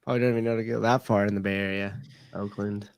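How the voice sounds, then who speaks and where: A man's voice: on the low side, fairly even intonation, quick pace, dry recording. A man co-hosting a podcast, chiming in with short agreeing remarks. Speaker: podcast co-host. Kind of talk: casual chat.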